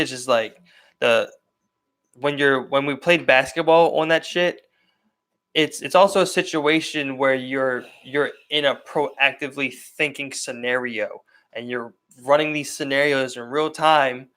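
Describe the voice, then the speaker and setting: A man with a Baltimore accent, co-hosting a podcast in casual chat, rambling and restarting his sentences in quick bursts. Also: mid-range voice, fairly even intonation, a bit bright. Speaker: podcast co-host.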